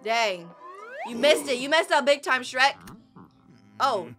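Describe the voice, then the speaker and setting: A young woman hosting a reaction video, excitedly commenting and laughing often. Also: sits high, slow pace. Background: video soundtrack music playing.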